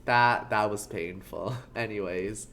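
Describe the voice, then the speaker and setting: A woman's voice: very deep voice, takes it slowly, fairly bright tone, a little hiss or hum. A woman streamer chatting playfully while playing through a game and laughing at herself. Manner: playful, self-mocking, laughs often. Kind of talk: casual game playthrough chat.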